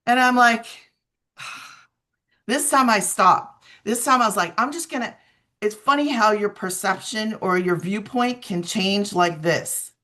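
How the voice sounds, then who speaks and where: Animated mother in her forties telling her story. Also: mid-range voice, slow pace. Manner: animated storyteller, emphatic repeats. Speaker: guest sharing a testimonial. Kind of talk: emotional personal testimonial.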